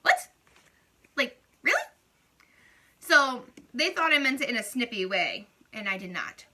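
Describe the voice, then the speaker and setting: A young woman venting in a casual vlog, chatty and animated, peppering her talk with "like" and acting out quoted lines. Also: fairly high pitch, normal speed. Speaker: beauty vlogger.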